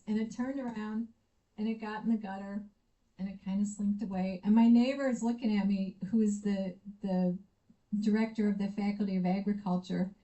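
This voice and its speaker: A visiting researcher from the United States lectures at a university conference, animatedly recounting personal experiences and performing the dialogue. Her voice is a little high and her speed normal, though the recording quality is low.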